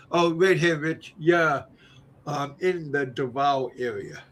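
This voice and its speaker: An older man hosting his own channel, chatting casually in a halting way, repeating words and pausing on fillers. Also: fairly high pitch, fairly bright tone, slight background noise. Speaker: channel host. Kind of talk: casual livestream chat.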